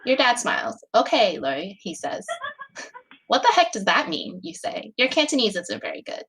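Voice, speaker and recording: A woman's voice: a little high, sing-song, normal speed, a bit bright, slight background noise, low-quality recording. A woman on a voice call reading her own short fan story aloud, chatty, with many fillers and little laughs.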